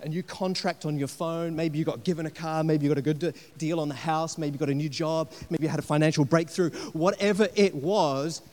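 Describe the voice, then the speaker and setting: A man preaching a sermon, telling a personal story with animated delivery and acted-out quotes. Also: a little high, brisk, few pauses. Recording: long hall reverb.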